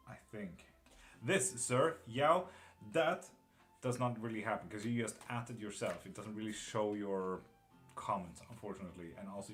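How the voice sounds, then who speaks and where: A man's voice: on the low side, fairly bright tone. A man reading tarot live, chatting casually and bluntly with viewers, calling them by name and swearing now and then. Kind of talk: casual live-stream chat.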